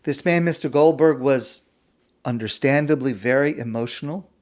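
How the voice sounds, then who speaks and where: A man, a rabbi, telling a story in a sermon, slow and hushed with dramatic pauses. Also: medium pitch.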